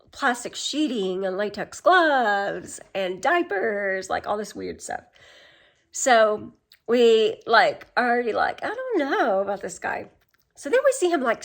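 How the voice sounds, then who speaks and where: A woman talks through a movie plot in a loose, chatty recap style. She rambles along with a steady stream of "like" and "um" as she goes. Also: medium pitch. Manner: chatty, rambling, heavy use of "like" and "um". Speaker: film summary vlogger. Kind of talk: casual spoken film recap.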